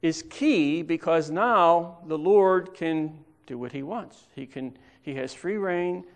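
A man preaching a sermon in church, explaining Bible verses step by step and reading scripture aloud with pauses. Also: fairly high pitch, vocal fry.

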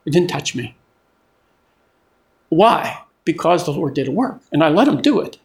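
Older man preaching a relaxed sermon. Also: fairly high pitch, normal speed. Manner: conversational, often repeats and restarts words.

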